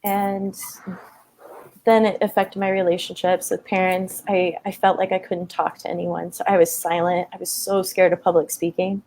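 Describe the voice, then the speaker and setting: A woman's voice: lowish voice, flat delivery, normal speed, a little mellow, slight background noise. A woman in her thirties telling a personal story in a conversation, open and emotional, with many fillers. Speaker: guest.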